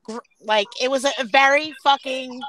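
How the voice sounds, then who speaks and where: A woman's voice: high-pitched, fairly even intonation, normal speed, a bit bright, no echo, low-quality recording. A woman chatting casually and frankly, rambling and swearing as she tells her story. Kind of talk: casual chat, live stream.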